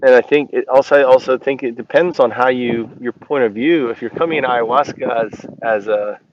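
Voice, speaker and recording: Man, mid pitch, rambling monologue, halting and searching for words, dull lo-fi sound. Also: a little hiss or hum. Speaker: channel host. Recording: dull lo-fi recording.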